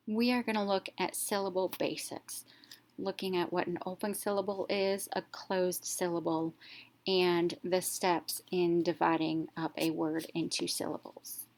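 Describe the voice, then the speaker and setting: Woman teacher doing a reading lesson voiceover, kinda low voice, slow and clear, sounds out each letter. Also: steady tone, a little mellow. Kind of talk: scripted narration of a reading lesson.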